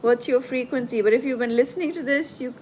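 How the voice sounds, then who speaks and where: A woman hosting a live tarot and coaching stream, talking gently and reassuringly to her viewers as she reads their comments. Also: high-pitched, a little hiss or hum, rough recording. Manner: soothing, reassuring, slow and gentle.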